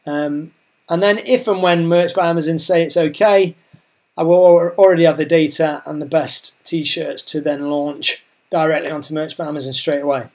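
Guy rambling thru his business plans, voice going hoarse, slightly high. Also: fairly even intonation, normal speed, darkish tone. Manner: rambling, chatty, repeats words and restarts. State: losing his voice. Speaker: online business vlogger. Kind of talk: casual talk to camera.

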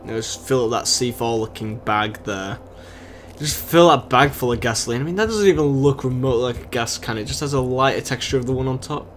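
This is let's-play commentary from a young British man who runs a gaming channel, full of sarcastic, wandering chatter as he games. His medium-pitched voice is fairly bright and fairly quick, with slight background noise.

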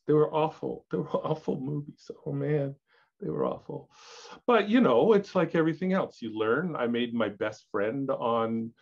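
An older actor telling candid stories as an interview guest, animated and laughing, with many restarts. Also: male voice, medium pitch, vocal fry. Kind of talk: candid storytelling chat. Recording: dull lo-fi audio.

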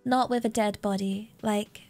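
A woman's voice: medium pitch, steady tone, normal speed, darkish tone, soft background music. A woman streamer giving playful, rambling commentary while playing a game and reading its text aloud. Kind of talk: casual gameplay commentary.

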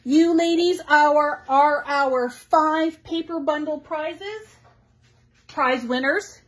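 A woman's voice: high-pitched, takes it slowly. A middle-aged woman who owns a craft store, hosting a casual live stream, chatty and effusive as she reads viewer comments aloud. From Canada.

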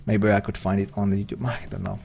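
A man's voice: fairly low pitch, little pitch movement, quick pace, gravelly, darkish tone, soft background music. A man from Slovenia with a Slovenian accent, chatting hesitantly and rambling as he commentates his own poker stream. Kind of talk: live-stream commentary while playing.

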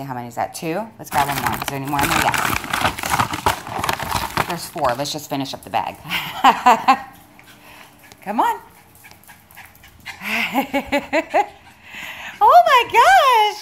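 Pet sitter, woman; slow, lilting baby talk to a dog, faint hiss behind. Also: deep voice. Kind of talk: talking to a dog while filming. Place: home with a dog.

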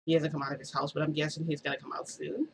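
A woman's voice: low voice, little pitch movement, rapid-fire, slight background noise, rough recording. A woman vlogger telling a story in a rambling, casual way, full of "like" and restarts.

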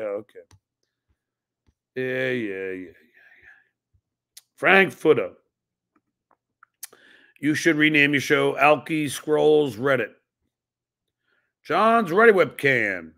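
Gravelly man snapping back at messages. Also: medium pitch, a bit bright. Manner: reads messages aloud and snaps back with blunt, profane retorts. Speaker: podcast host reading viewer donations. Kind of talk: casual live-stream chat.

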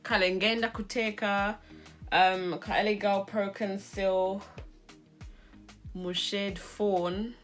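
A woman's voice: medium pitch, level tone, takes it slowly, long pauses, fairly bright tone, faint music behind. Giggly young woman doing a makeup tutorial. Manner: giggly, self-mocking, switches between English and Luganda. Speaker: beauty vlogger.

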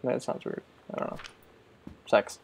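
A man's voice: a little slow, slight background noise, poor audio. A man hosting a gameplay video, joking around and swearing, with mumbled asides. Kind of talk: casual let's-play commentary.

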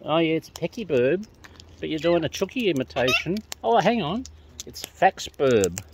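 A woman's voice: low-pitched, big pitch swings, moderate pace, noisy background. An Australian woman outdoors, chatting playfully and affectionately to wild birds she is feeding. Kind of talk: casual chat to birds.

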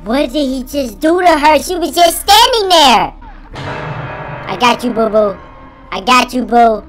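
Squeaky pitch-raised chipmunk gamer boy, bright tone, swooping panicky yelps, slangy banter. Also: lively intonation, unhurried, soft background music, exaggerated voice. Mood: panicky yelping. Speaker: gaming commentator. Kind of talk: let's-play commentary.

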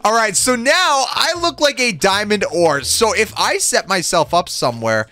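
A young man giving excited, giggly commentary over his gameplay, exclaiming often. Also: high voice, moderate pace, faint music behind. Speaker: gaming video creator.

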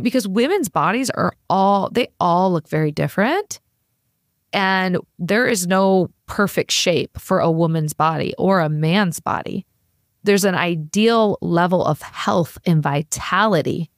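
A woman's voice: fairly low pitch, dry recording, clean studio sound. A woman guest and naturopathic practitioner, chatting casually in an interview and telling stories with many "like" fillers.

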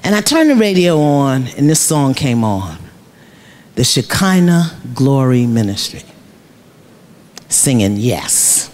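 A woman's voice: rumbling low, big pitch swings, slow, long pauses, darkish tone, slight background noise. A middle-aged woman, a life coach, giving a storytelling motivational speech in a preacherly way, repeating phrases for emphasis and laughing often. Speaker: keynote speaker, life coach. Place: large luncheon hall.

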